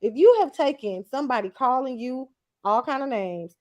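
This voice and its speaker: Animated, blunt slangy woman. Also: sits high, normal speed. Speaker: podcast co-host. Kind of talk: casual reality-TV recap chat.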